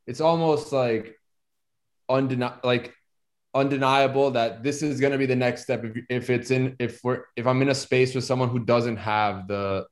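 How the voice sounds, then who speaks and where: Man, workshop participant, mid-pitched, halting, searching for words. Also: fairly even intonation. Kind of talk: sharing an experience in a group.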